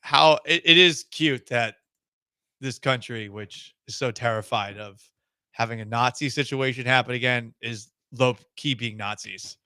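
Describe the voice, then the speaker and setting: A man's voice: medium pitch, unhurried, pushed and bright, clear, resonant tone, dry recording. A man hosting a sports talk radio show in a studio, speaking in a wry, sarcastic way.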